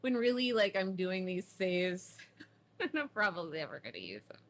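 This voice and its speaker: Her throat sore from smoke allergies, a woman from Canada chats casually while streaming a game at home, laughing frequently. She speaks at normal speed in a lowish, sing-song voice, with slight background noise.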